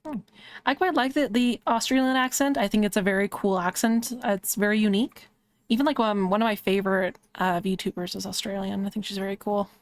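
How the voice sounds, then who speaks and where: A woman's voice: medium pitch, fairly even intonation, brisk, dry recording. A woman streamer chatting casually while she draws, rambling with lots of "like" fillers. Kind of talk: casual chat while drawing on a live stream.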